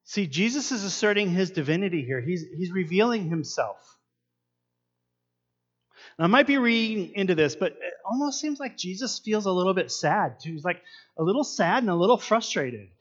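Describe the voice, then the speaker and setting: A man's voice: high-pitched, lively intonation, normal speed, lo-fi sound. A man preaching a sermon, earnest and asking his listeners many questions. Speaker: pastor.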